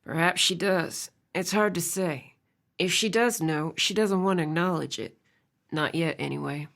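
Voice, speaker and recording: A woman narrator voicing a calm male rancher with a low, raspy voice, coaxing and soothing in an audiobook. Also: normal speed. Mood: subdued.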